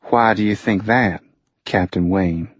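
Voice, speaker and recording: A male narrator voicing a brisk woman operative handler with a Southern accent, clipped, precise and matter-of-fact. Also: on the low side, husky, no room sound, highs cut off. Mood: crisp.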